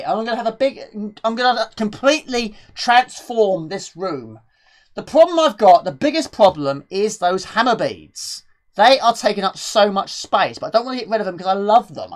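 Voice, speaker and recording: Chatty woman streaming retro games. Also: medium pitch. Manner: chatty, answers chat and reads game text aloud. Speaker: game streamer. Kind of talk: live retro game stream commentary.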